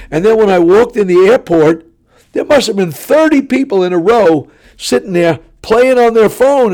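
A man in his seventies, a traveling preacher telling stories in a sarcastic, animated way that often climbs into shouting. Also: sits high, moderate pace. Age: 70s.

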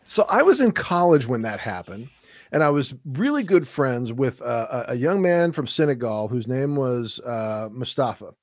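Man in his 30s, podcast co-host, casual animated storytelling, medium pitch, dry close mic. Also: moderate pace, dry recording. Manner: animated storyteller, frequent restarts. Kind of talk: casual conversation.

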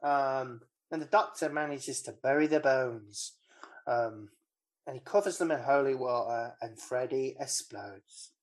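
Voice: medium pitch, unhurried. A podcast co-host, casually retelling a film plot in a wry, rambling way with lots of ums. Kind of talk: casual film recap chat.

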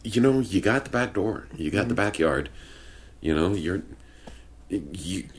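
A young man with a very low voice tells rambling stories in casual chat. He swears freely and talks in a laid-back, unhurried way. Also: animated. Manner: profane, storytelling, laid-back drawl. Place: home studio with sound blankets.

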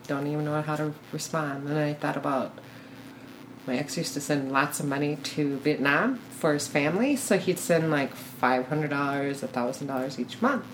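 A woman's voice: extremely low pitch, slight background noise, poor audio. A middle-aged woman telling her story as a podcast guest, candid and blunt, cursing now and then and laughing at herself. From born in Korea, raised in Minnesota. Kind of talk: casual storytelling interview.

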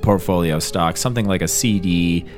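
A man improvising a washed-up male hair metal rocker turned financial planner, rambling through a sales patter with sudden shrieked yells. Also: deep voice, moderate pace, soft background music, pitched below the performer's own voice, close to an everyday voice. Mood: rambling pitch. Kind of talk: improvised comedy sketch.

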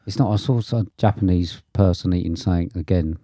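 A man's voice: deep voice, fast talker, warm tone, no echo. A man co-hosting a casual podcast chat, blunt and chatty, swearing freely. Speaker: podcast co-host.

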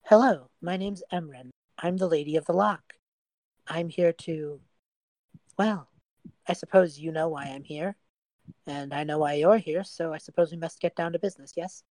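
A woman voicing a polite, mysterious merfolk lady of a lake who speaks calmly and formally. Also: deep voice, moderate pace, no room sound, lightly acted, poor audio. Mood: knowing. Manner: calm, knowing, formal.

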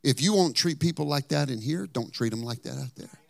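A male pastor preaches with a storyteller's drive. He swings from loud, emphatic outbursts down to hushed whispers to drive home his points. His voice sits at a middle pitch and is recorded close and dry, with no room echo. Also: expressive, a little fast, gravelly. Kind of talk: sermon.

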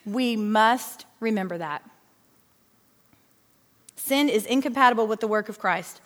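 A middle-aged woman teaching a lively church Bible lesson in a chatty, animated way, talking straight to her listeners. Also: a little high, unhurried. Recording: long hall reverb.

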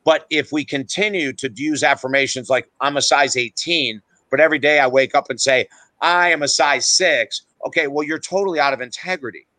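A middle-aged man speaks with a bright, forceful tone, recorded close and dry with no room sound. He is a podcast guest, blunt and emphatic, who pokes fun at himself as he tells his stories. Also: medium pitch, a little fast, few pauses, dry recording, rough recording. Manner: emphatic, blunt, self-deprecating. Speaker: guest author. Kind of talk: animated podcast storytelling.

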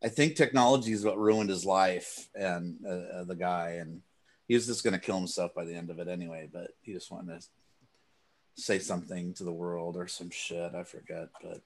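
A man's voice: low-pitched, steady tone, normal speed. A man co-hosting a casual podcast, joking and swearing loosely. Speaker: podcast co-host. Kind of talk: casual chat.

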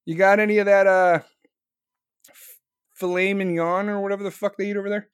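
A man's voice: high-pitched, level tone, fairly quick, smooth, dry recording, clean studio sound, voice pushed up, lightly acted. A man playing a crude man taunting his grandma. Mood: mocking. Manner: cheeky, crude.

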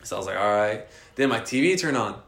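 A young man co-hosting a casual podcast, telling a story with lots of slang and swearing and getting loud and animated at the scary parts. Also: lowish voice, fast talker. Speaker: podcast co-host. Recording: echoey room.

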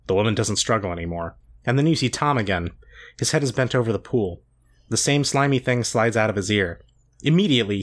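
A man reading a story aloud with wry comic asides. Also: mid-range voice. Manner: expressive, wry narration. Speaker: podcast co-host reading aloud.

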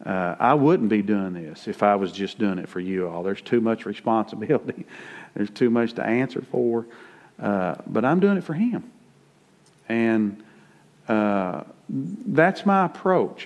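A man's voice: medium pitch, darkish tone, lo-fi sound. Folksy middle-aged preacher man. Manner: folksy, plain-spoken preaching with rising emphasis. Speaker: pastor. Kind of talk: conversational sermon.

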